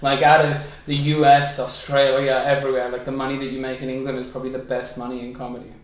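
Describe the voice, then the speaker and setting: A man's voice: mid-range voice, completely flat delivery, fast, far from the mic. A man hosting a podcast, chatting casually and teasing his guest. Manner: teasing, joking. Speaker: podcast host. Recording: roomy echo.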